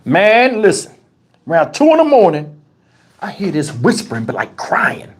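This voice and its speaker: A man hosts a livestream and tells a story in an animated, profane and colloquial way. His voice is husky, and his pitch rises and falls a lot. He is recorded on a clip-on lapel mic. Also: moderate pace. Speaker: channel host. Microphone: wireless lapel mic.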